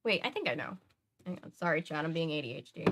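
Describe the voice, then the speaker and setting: A woman's voice: low-pitched, lively intonation, fast talker, vocal fry, a bit bright. A woman in her twenties, hosting a casual livestream, rambling and chatting with her viewers between bits of a book she is reading aloud. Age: 20s. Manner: rambling, chatty, self-interrupting.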